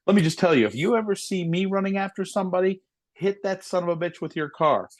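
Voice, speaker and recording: A man in his forties, a police officer and stand-up comic, chatting in an interview and telling jokes with lively impressions. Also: sits high, fast talker. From United States. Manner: animated storyteller, slips into impressions of people. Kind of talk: casual interview chat.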